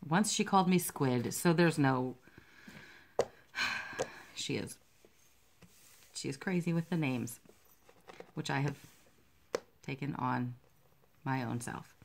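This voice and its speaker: A woman with a low, gravelly voice talks in a loose, rambling way about her cross-stitch work. She is self-deprecating and easily distracted by her pets, and her tone stays casual throughout. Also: slow, pauses often, a little hiss or hum. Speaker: cross-stitch designer and vlogger. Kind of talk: casual chat while stitching.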